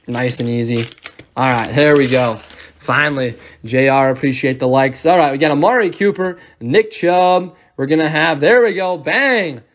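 A young man with a somewhat high voice runs a live card break, reeling off player names in an upbeat, chatty way. He thanks viewers by name between pulls, with packs crinkling in the background. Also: normal speed, fairly bright tone.

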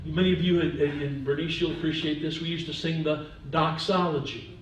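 A man, an older pastor, preaching a sermon with humor, swinging between soft asides and loud emphasis. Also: a little high, steady tone, normal speed, a little hiss or hum. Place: church sanctuary. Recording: echoey church from a distance.

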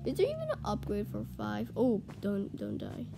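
A woman's voice: medium pitch, wildly swooping pitch, normal speed, gravelly, background noise. A woman talking through a video game as she plays, chatty and easily flustered, breaking into frantic panic when things go wrong. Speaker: gaming video creator. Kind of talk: live gameplay commentary.

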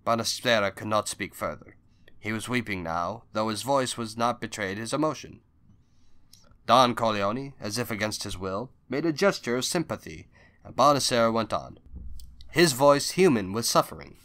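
A man narrating an audiobook with a steady storytelling read. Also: fairly low pitch, normal speed. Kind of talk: scripted narration.

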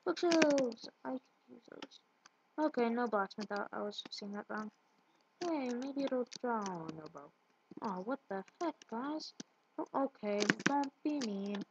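A woman's voice: on the high side, lively intonation, a little slow. A woman giving casual gameplay commentary, rambling and tripping over her words. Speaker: let's play gamer. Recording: muffled lo-fi with loud hiss.

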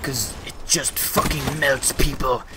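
A man's voice: mid-range voice, fairly even intonation, measured pace, loud music behind the voice. A man with a sore throat and hiccups, giving rambling, sweary casual gameplay commentary full of ums.

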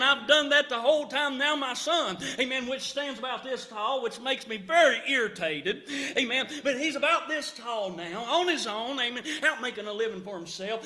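High, bright preacher. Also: male voice. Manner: rising to shouts, punctuated with amen. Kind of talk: revival sermon. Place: church.

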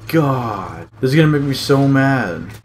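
A man's voice: fairly low pitch, normal speed, a little hiss or hum. A young man giving gameplay commentary as a channel host, muttering and swearing at the game in frustration.

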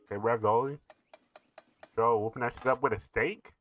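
A man hosting a reaction video, giving casual, profane commentary full of laughs and excited asides. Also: medium pitch, normal speed, muffled recording, soft background music.

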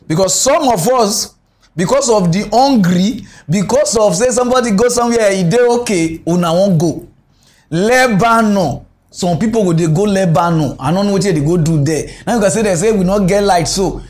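A man's voice: high-pitched, darkish tone. A man with a Nigerian Pidgin accent hosting a comic mock news show, rambling and teasing as he mixes Pidgin and English. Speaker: comedy show host.

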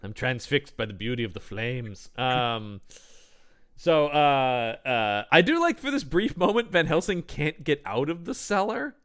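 Lively, smooth-voiced man on a podcast. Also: mid-range voice, a little slow. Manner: animated storyteller, slips into exaggerated voices for characters. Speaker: podcast co-host. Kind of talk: casual movie-review chat.

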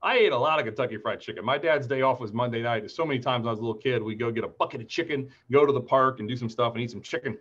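A man's voice: mid-range voice, very fast, few pauses, fairly bright tone, dull audio. A man in his forties from Ohio, giving a webinar market outlook in a chatty, upbeat way and telling anecdotes between the chart talk. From Ohio, USA. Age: 40s. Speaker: market strategist presenter. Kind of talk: webinar presentation.

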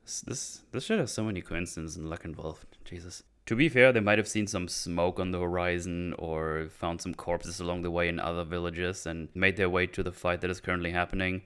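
A man's voice: sits low, steady tone, a little fast, few pauses, fairly bright tone, smooth. A man hosting a casual recap, sarcastic and irreverent as he mocks plot holes. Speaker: channel host reviewing a series.

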